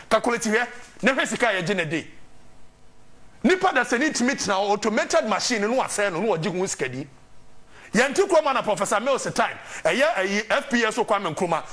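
A Ghanaian man delivers an impassioned political talk with a preaching cadence. His voice sits high and moves in big, lively swings as he presses his points. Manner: emphatic, mixing English and Twi, preaching cadence. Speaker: political commentator.

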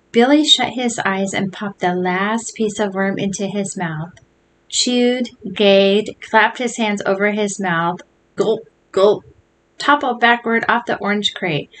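A woman reading a children's chapter book aloud in an expressive storytelling manner. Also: medium pitch, slight background noise, low-quality recording.

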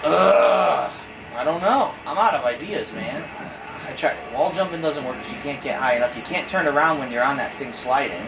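A man's voice: on the high side, normal speed, gravelly, rough recording. A young man giving frustrated, swear-heavy commentary while playing a video game. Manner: cursing, exasperated, thinks aloud. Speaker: gamer.

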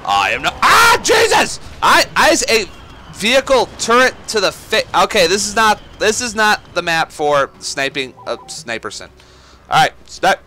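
A man giving let's play commentary on a shooter game, excitable, swearing and yelling at enemies. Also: sits high, moderate pace, a little hiss or hum. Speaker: gaming YouTuber.

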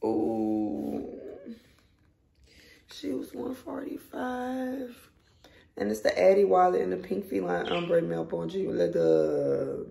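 A woman talks to her viewers in an unhurried, excited way. Her voice has a gravelly edge and bounces around an echoey room. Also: fairly low pitch. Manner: chatty, excited, addresses viewers as y'all. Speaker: vlogger. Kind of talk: casual unboxing chat.

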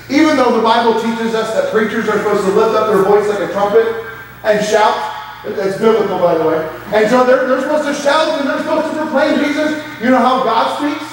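A man's voice: high voice, animated, moderate pace, slight background noise. A man preaching a sermon as pastor, with rising emphasis and quoted asides. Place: church sanctuary. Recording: echoey church hall from far off.

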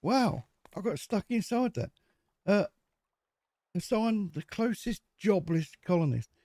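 Jokey male gaming host, lively up-and-down delivery, mellow tone. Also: sits high, a little slow, no room sound. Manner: chatty, jokey, talks to himself while playing. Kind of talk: casual let's-play commentary.

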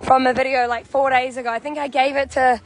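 A young woman with a New Zealand accent and a hoarse voice, chatting bubbly and casually as she vlogs on a phone at an outdoor protest camp. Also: high-pitched, level tone, fast. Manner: bubbly, chatty, laughs often. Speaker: vlogger. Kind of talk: casual walking vlog. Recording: crowd chanting and music behind.

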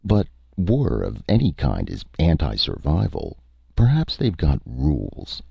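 A man voicing a weary, thoughtful male space captain with a dry, deadpan manner and a very deep gravelly voice. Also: a little slow, no echo, lo-fi sound, heavily acted.

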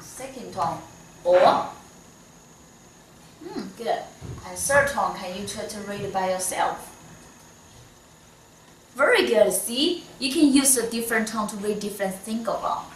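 A woman from China with a Chinese accent and a mid-range voice teaches an online Mandarin lesson in English, patiently modelling the tones. She's far from the mic in an echoey room, with a little hiss or hum, her voice slightly off-mic.

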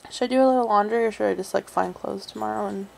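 A woman's voice: medium pitch, gravelly, darkish tone. A young woman chatting casually in a home vlog, giggly and teasing. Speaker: vlogger. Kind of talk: casual couple vlog chat. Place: home, indoors.

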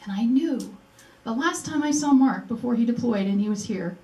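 A woman's voice: on the high side, animated, moderate pace, dark tone. Older woman telling her story, echoey room. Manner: earnest, acts out remembered dialogue. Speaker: speaker at a memorial event. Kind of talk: personal storytelling speech. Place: museum presentation room. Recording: echoey room, mic at a distance.

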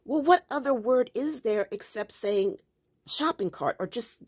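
Her voice is a little high, expressive, a little slow, and husky. She's a planner and journaling vlogger showing off her home craft room in a chatty, meandering way, often bursting into laughter.

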